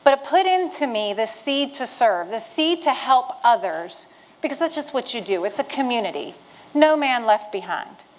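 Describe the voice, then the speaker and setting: Expressive and speaking at normal speed, a middle-aged woman from western Virginia's Shenandoah Valley tells stories onstage in a somewhat high voice. Folksy and humorous, she rallies her audience like a retired Marine among veterans. The recording is rough.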